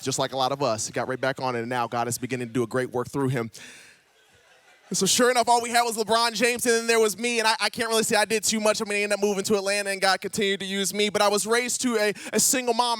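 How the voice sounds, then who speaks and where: A man from Ohio, a youth pastor, telling a personal story in a sermon and acting out the dialogue with lively swings in pitch. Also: smooth, dry recording. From Ohio, USA. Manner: animated, acts out dialogue with big pitch jumps. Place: church auditorium.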